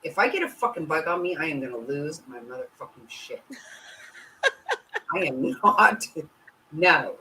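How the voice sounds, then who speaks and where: A woman's voice: measured pace, long pauses, a little hiss or hum, poor audio. A woman hosting a casual livestream, talking bluntly and swearing constantly, with her voice swinging up and down. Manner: blunt and heavily profane; animated, swinging pitch. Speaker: host.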